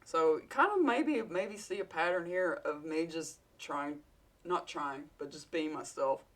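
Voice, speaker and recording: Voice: mid-range voice, unhurried, fairly bright tone. Casual vlogger with a Southern US drawl, rambling and candid, swearing freely while telling a work story.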